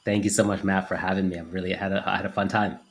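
A man's voice: sits low, flat delivery, racing, gravelly, a little hiss or hum. Conversational male podcast guest. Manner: conversational, heavy on fillers. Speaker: podcast guest, agency founder. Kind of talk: casual interview.

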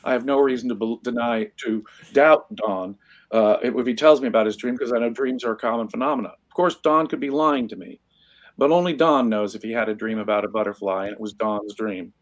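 A man's voice: mid-range voice, a little fast, dry recording. A man speaking as a podcast guest, making firm declarative points and repeating phrases for emphasis. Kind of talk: casual podcast discussion.

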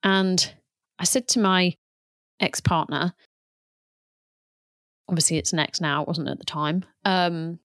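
Woman, thirties, yoga teacher, gentle and reflective, lowish voice, dry close sound. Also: fairly even intonation, no echo. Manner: gentle, unhurried and candid. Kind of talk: reflective personal talk.

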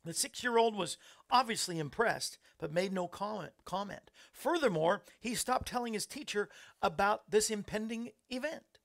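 Gravelly chatty male talk-show host. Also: high-pitched, lively intonation, moderate pace, a bit bright. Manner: chatty, rambling, laughs at his own jokes.

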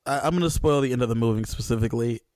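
Chill cohost, mid pitch voice, dry close mic, reads stuff out. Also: racing, darkish tone, no echo. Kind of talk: casual chat.

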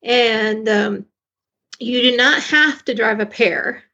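A woman guest on a radio chat explains a driving certification, hesitating and restarting often. Her higher voice carries a gravelly, husky grain, and the line sounds dull and lo-fi. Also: slow pace, sharp tone. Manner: hesitant, many fillers and restarts. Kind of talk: casual radio interview.

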